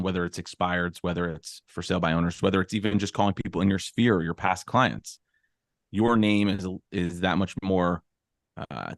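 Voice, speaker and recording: Low-voiced man hosting a webinar. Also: no echo, studio quality. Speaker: webinar host. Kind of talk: casual webinar conversation.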